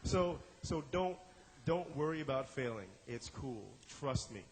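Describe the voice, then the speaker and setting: Male improv teacher, playful and animated, talking to a roomful of students. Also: a little high, poor audio. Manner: playful, animated, acts out quick examples in silly voices. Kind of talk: lecture to a live class. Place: room with a live audience.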